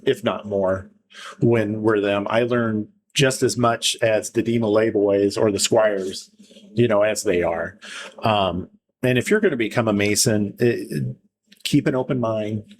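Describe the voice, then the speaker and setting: Chatty man telling a story, laughing. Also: lowish voice. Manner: rambling, laughs often, acts out quoted voices. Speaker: podcast guest. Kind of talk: casual storytelling chat. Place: podcast studio.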